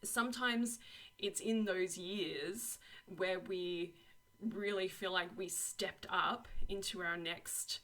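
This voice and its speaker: A young woman with a fairly low, sharp-toned voice takes her time through a casual tarot and oracle card reading. She stays effusive and encouraging, laughs a lot, and fills her speech with "like" and "you know."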